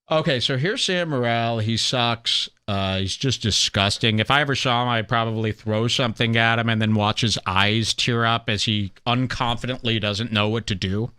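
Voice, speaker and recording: A young man hosting a podcast, ranting sarcastically over clips and mocking people in high put-on voices. He is from Illinois. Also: moderate pace, pushed and bright, clean tone. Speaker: podcast host.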